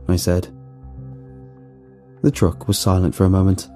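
A man's voice: low voice, animated, unhurried, long pauses, mellow, soft background music. A man narrating a first-person horror story in a wry, nervous storytelling manner.

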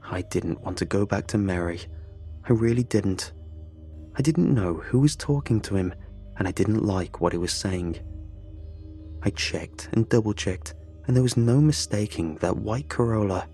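A man's voice: on the low side, animated, measured pace, dark tone, soft background music. A man narrating a first-person horror story in a tense, confessional way.

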